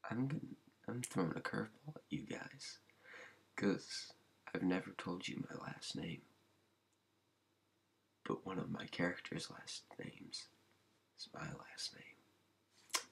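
A man hosting an ASMR channel, rambling in a halting way with many fillers, often dropping into a whisper. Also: deep voice, lively intonation, vocal fry, breathy edge. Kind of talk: soft-spoken ASMR channel update.

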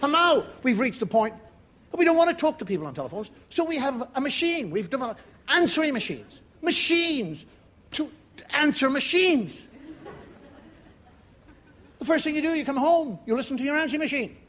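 A male comedian with a very high voice that swoops up and down with life. He performs a wry, mock-indignant stand-up monologue and swears freely. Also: lively intonation, fast, fairly bright tone, slight background noise. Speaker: comedian host. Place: TV studio before a live audience.

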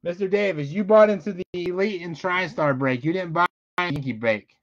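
Calling out player names while ripping open packs, a man hosts a live-streamed card break in a high-pitched voice at normal speed. He walks viewers through the shipping rules and confesses to being frustrated, all captured in dull, dry, lo-fi sound.

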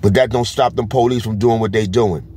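A man's voice: lowish voice, steady tone, a little fast, warm tone, breathy edge, no echo. A man with a New York accent, talking straight to camera in a casual vlog and driving each point home with a constant "you heard?". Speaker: vlogger. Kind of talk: casual street commentary.

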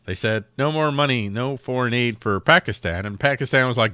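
A man's voice: medium pitch, brisk, few pauses, sharp tone, clear, resonant tone, no room sound, clean studio sound. A man hosting a casual political news commentary show, sarcastic and given to mocking the people he quotes. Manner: sarcastic, mocks quoted figures in silly put-on voices.

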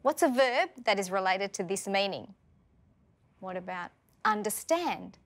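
A woman with an Australian accent teaching a scripted vocabulary lesson, speaking clearly and patiently and putting questions to learners. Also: medium pitch, expressive, a little slow.

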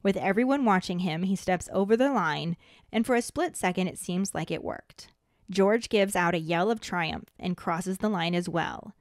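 A woman's voice: fairly low pitch, normal speed, no room sound. Woman narrating a dry, close book recap. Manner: steady, even storytelling recap. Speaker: podcast host.

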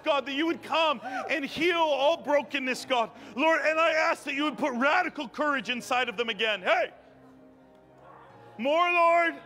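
A man in his thirties preaching a charismatic sermon and praying over people, fervent, repeating phrases and rising to shouts. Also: very high-pitched. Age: 30s. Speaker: guest preacher. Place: church sanctuary. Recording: long church hall reverb with music.

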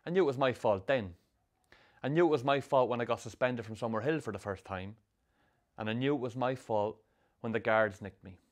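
An actor narrating a film as a troubled young Irish man with a Sligo accent, telling his rough youth in a dry, sardonic way. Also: medium pitch, fairly quick, lightly acted. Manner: dry, sardonic storytelling with strong swearing. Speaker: narrator, the film's lead. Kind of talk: scripted film voice-over.

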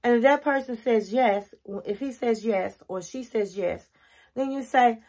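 A woman's voice: on the high side, a little slow, darkish tone. A middle-aged woman giving relationship advice to camera in an earnest, coaching way, working through a numbered list of tips. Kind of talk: casual advice talk to camera.

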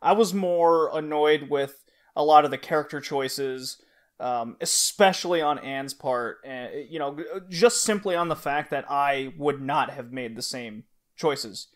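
A man's voice: fairly high pitch, a little slow. A man co-hosting an anime podcast, retelling scenes casually and acting out the characters' lines with energy. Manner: animated storyteller who acts out the characters' lines. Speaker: podcast co-host. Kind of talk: casual chat.

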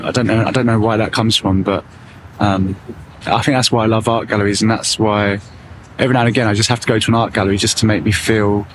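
A man talking as a vlogger outdoors on a town street, musing in a loose, reflective way. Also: fairly low pitch. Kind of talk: casual walking vlog. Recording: street traffic noise behind.

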